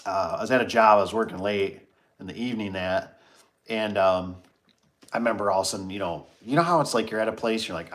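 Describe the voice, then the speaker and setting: Animated man telling stories on a livestream. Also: on the low side, quick pace. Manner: animated, acts out his own reactions. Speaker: livestream host reading chat. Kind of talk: casual storytelling chat.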